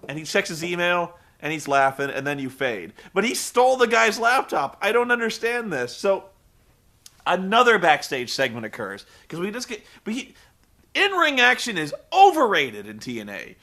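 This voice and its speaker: Speaking high-pitched at a moderate pace, a man gives a comedic recap of a show. He's sarcastic and profane, telling it animatedly and playing out the show's characters.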